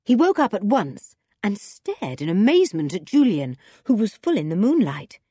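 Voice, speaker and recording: Woman, storybook narration, husky, mellow, lively, dry close mic. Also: medium pitch, moderate pace, dry recording. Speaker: audiobook narrator.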